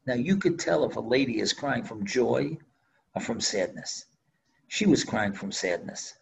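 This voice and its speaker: Earnest older rabbi with gravelly voice. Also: male voice, medium pitch, lively intonation, unhurried, slight background noise, low-quality recording. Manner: earnest, emphatic preacher weaving Hebrew phrases. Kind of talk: sermon with storytelling.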